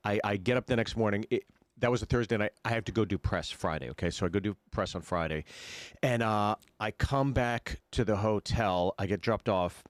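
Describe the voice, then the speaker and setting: A man in his thirties speaks in a low voice, relaxed and teasing as he co-hosts a casual podcast. The sound is dry and close. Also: brisk, no echo. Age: 30s. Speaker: podcast co-host. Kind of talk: casual chat.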